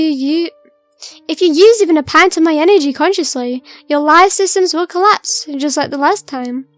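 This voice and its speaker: A woman's voice: sits high, no room sound, close to an everyday voice. A woman reading as a solemn, formal former oracle.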